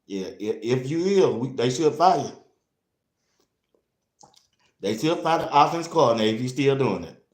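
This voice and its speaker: Blunt, animated man talking sports. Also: medium pitch, normal speed, long pauses. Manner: animated and blunt, talks straight to the audience. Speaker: sports talk show host. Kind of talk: casual sports commentary. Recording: roomy echo.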